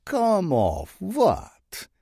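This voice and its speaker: A man's voice: mid-range voice, huge pitch swings, slow, dark tone, dry recording, clean studio sound, pitched above the performer's own voice, exaggerated voice. A man doing a sly Russian-accented mob boss. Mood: sly taunting. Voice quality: drawling, mocking. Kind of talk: audiobook character voice.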